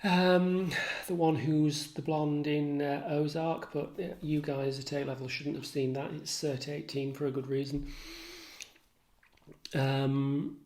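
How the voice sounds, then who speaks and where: Slow-speaking literature tutor. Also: medium pitch, flat delivery, a little mellow. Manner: informal, thoughtful, with fillers. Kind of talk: literature lesson, reading and analysing a play.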